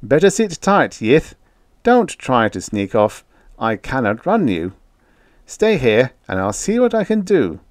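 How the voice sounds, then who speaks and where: A man's voice: mid-range voice, very animated, measured pace, no room sound. A man voicing a practical, wisecracking male diplomat with a dry delivery. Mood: wry, brisk.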